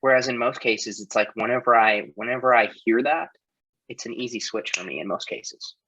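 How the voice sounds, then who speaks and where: A man's voice: mid-range voice, fairly quick, bright, forceful tone, slightly rough, muffled recording. A man who coaches, chatting as a podcast guest and telling an open, emotional story. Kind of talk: casual chat.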